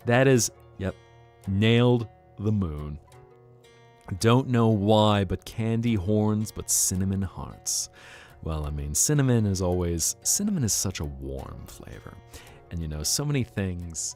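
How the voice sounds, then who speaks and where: A man's voice: sits low, expressive, measured pace, darkish tone, faint music behind. A man streaming live, chatting casually with his viewers in a playful, teasing way. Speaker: VTuber streamer.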